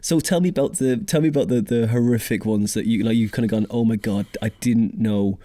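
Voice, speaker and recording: A man's voice: on the low side, a little fast, warm tone, no echo. A man hosting a podcast, asking a guest questions in a casual chat, eager and full of fillers. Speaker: podcast host.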